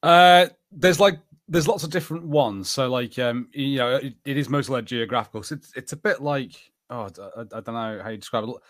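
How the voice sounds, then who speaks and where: A man's voice: mid-range voice, brisk, few pauses, a bit bright, dry recording, studio quality. A young man with a Northern English accent, co-hosting a podcast in casual chat, full of fillers and restarts. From Northern England. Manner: chatty, lots of fillers and restarts. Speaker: podcast co-host.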